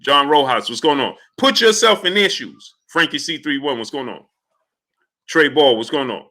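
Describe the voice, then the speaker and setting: A man's voice: fairly high pitch, normal speed. A man hosting a live stream, greeting viewers by name and ranting with heat. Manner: animated, heated, shouts out chat names. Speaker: livestream host.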